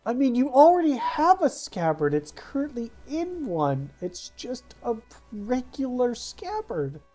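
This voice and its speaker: A woman at a tabletop game, teasing the others with pointed questions. She talks slowly in a fairly high voice. Faint music plays behind her. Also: very animated, warm tone. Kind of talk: tabletop role-play banter.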